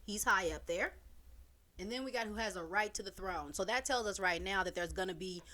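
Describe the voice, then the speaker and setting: A woman's voice: medium pitch, a little fast. A woman host giving chatty, slangy reaction commentary on a comic she reads. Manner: chatty, animated, slangy asides. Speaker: channel host reading a comic.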